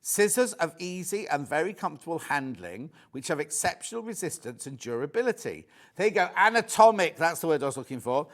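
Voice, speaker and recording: A man's voice: on the high side, sing-song, brisk, few pauses. A man presenting on a live shopping channel, chatty and rambling with joking asides.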